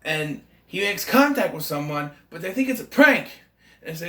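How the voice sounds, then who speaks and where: A man's voice: sits high, expressive, normal speed, fairly bright tone, echoey room. A man giving a casual, rambling, enthusiastic movie review, often correcting himself mid-sentence. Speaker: film reviewer.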